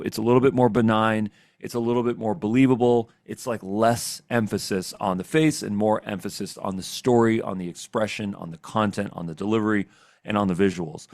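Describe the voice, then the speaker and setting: A man giving a casual, upbeat screen-share software tutorial, chatty and often checking in with "okay?". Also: lowish voice, no echo, studio quality. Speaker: software trainer. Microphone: desk microphone.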